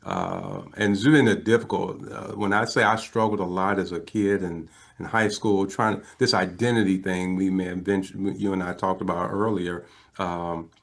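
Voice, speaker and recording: A man in his fifties, a talk show guest, telling an emotional personal story in an animated, earnest way. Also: deep voice, moderate pace, creaky. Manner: animated storyteller who acts out quoted voices. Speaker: interview guest.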